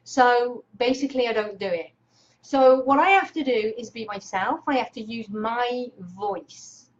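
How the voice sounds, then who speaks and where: A woman hosting a live online stream, coaching viewers on speaking, excitable and energetic, greeting viewers by name. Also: on the high side, unhurried, lo-fi sound. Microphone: webcam clipped on monitor.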